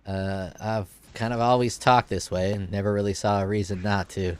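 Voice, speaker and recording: A man in his forties streams a game and chats in a youthful, edgy manner, cursing from time to time, his nose audibly stuffed up. His voice is on the low side, clear and resonant, with flat delivery at a moderate pace and no echo.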